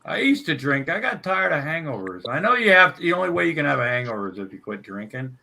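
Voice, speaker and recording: A man's voice: a little high, big pitch swings, fast, creaky, sharp tone, slight background noise. Laid-back Southern man in voice chat. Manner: laid-back, rambling with fillers. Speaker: group voice chat member. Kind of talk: casual chat.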